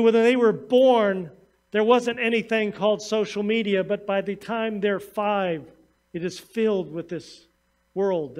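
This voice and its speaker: A man pastor preaching a sermon, reading scripture and then telling stories to his congregation. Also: high voice. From United States. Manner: storytelling sermon, reads scripture then tells anecdotes.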